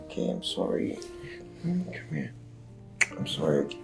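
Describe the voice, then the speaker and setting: An actor with a Nigerian accent playing a broke, desperate young husband who pleads and stammers in a film drama. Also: male voice, medium pitch, huge pitch swings, unhurried, gravelly, exaggerated voice. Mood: pleading. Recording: echoey room with music.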